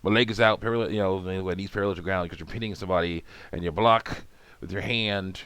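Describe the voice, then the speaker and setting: A man's voice: low-pitched, fairly even intonation, fast talker, fairly bright tone, clear, resonant tone, dry recording. A man chatting casually as host of a game video, rambling with many fillers and chuckles. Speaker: let's play video host.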